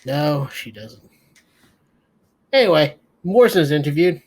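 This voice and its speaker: In an unhurried, animated way, a man with a voice on the high side chats casually through a wrestling show recap as a podcast co-host. The recap is sleepy, profane, and rambling.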